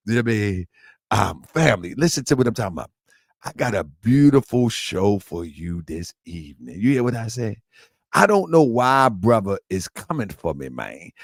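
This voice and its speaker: A man's voice: medium pitch, no room sound, clean studio sound. A man hosting his online show, talking in a rambling, repetitive way with lots of slang. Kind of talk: casual livestream talk.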